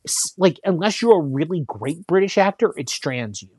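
A man's voice: a little high, lively intonation, normal speed, a little mellow, husky, no room sound, studio quality. Rambling man in casual chat. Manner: rambling, lots of fillers and restarts.

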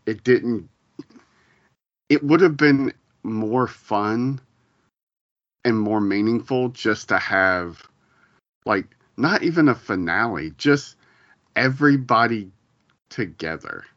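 A laid-back man co-hosting a casual podcast, wry and given to the odd curse. His voice is very deep. The recording is dull and lo-fi, with a dry sound. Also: lively intonation, slow, long pauses, fairly bright tone, dry recording. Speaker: podcast co-host. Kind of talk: casual chat.

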